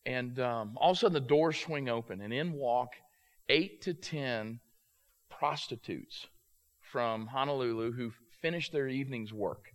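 A man preaching through a story, animated and acting out the characters, with frequent halting restarts. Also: mid-range voice. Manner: halting restarts, repeated words. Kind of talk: sermon storytelling.

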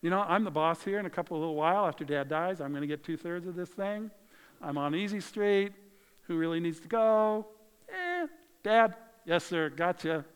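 A man's voice: high-pitched, brisk, smooth, natural voice. A man voicing an older son who cheerfully agrees to work but has no intention of going, in a reverberant hall. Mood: smug. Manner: breezy, falsely agreeable. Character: smug older son faking obedience.

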